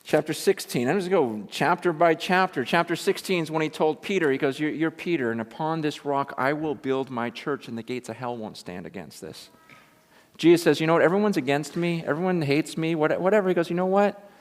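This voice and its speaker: Male pastor, sermon, conversational and emphatic, slightly high voice, long hall reverb. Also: fairly quick. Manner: conversational, emphatic, paraphrasing scripture in casual speech. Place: large meeting room with an audience.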